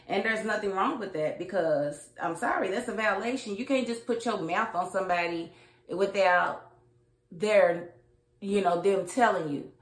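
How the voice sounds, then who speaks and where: A woman talks through a TV episode in a loose, colloquial recap, jumping into the characters' lines as she retells them. Her voice sits in an ordinary middle pitch. The recording carries a noticeable roomy echo. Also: moderate pace. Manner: chatty, acts out characters' lines; colloquial, outspoken. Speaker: TV show reviewer. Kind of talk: casual recap and review.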